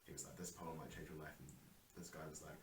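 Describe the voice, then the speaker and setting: Give me a very deep-voiced man radio host, quick and rambling, in a roomy space. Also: fairly even intonation. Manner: rambling, many fillers. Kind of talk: casual radio chat. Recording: roomy, distant mic, faint hiss.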